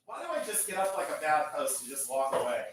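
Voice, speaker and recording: A man hosting a live jewelry and art sale stream, talking in a chatty, excitable way with self-mocking banter from a room at home. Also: a little high, a little fast, background noise. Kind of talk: live-stream selling chat.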